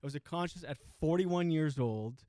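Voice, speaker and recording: A man's voice: on the high side, moderate pace, dark tone, no room sound, studio quality. A man in his forties telling a comic story, rambling and self-mocking, with lots of restarts and asides. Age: 40s. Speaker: comedian host. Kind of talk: comedic storytelling monologue.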